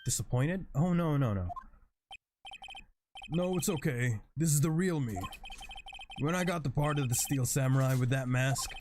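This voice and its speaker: A man's voice: mid-range voice, normal speed, pauses often, background noise, natural voice. A man voicing a timid, apologetic big actor. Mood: sheepish. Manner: hesitant, apologetic.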